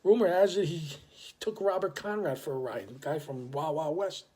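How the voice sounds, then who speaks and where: A man's voice: a little high, moderate pace, warm tone, breathy edge. A man quoting an older, worldly acquaintance who warns him in a knowing, cautionary way. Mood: warning. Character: worldly older man warning a young friend.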